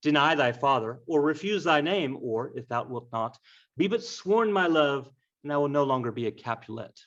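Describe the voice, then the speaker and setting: A man's voice: fairly high pitch, lively intonation, normal speed, fairly bright tone. A man voicing a lovesick young girl in a swooning, theatrical way. The recording sounds dull and lo-fi.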